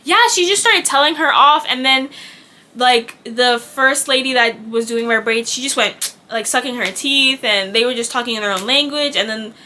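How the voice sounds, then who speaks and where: A woman's voice: on the high side, normal speed, sharp tone, slight background noise. A young woman vlogger telling a casual storytime, candid and chatty, swearing freely and acting out what people said. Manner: candid and chatty, swears, acts out quoted dialogue.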